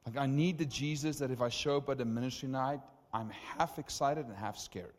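A man preaching as the preacher, telling stories in an animated, conversational way with many asides. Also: medium pitch, fairly quick. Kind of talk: sermon storytelling. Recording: reverberant hall.

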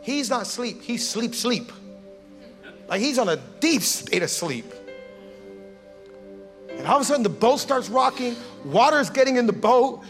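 High-voiced animated male pastor preaching. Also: unhurried, pauses often, faint music behind. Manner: animated, acts out everyday scenes and voices; calls for audience response. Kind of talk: sermon.

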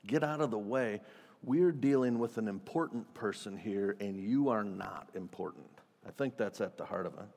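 A man preaching a sermon in a conversational, animated way, acting out quotes with sudden loud and soft turns. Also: fairly low pitch, moderate pace, long reverb tail. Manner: conversational, animated, acts out quotes with shifts in loudness. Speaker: pastor.

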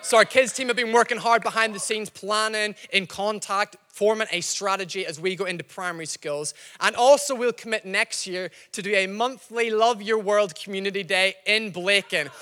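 A man leading his church, making an emphatic appeal for giving and the church's vision, rising to shouts on key phrases. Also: high voice, steady tone, normal speed, few pauses. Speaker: church leader. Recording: long hall reverb.

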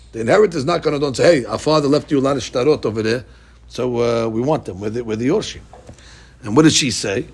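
Gravelly, husky man teaching Talmud. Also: mid-range voice. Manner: reads Aramaic slowly, explains in animated English. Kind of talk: Talmud class, reading and explaining.

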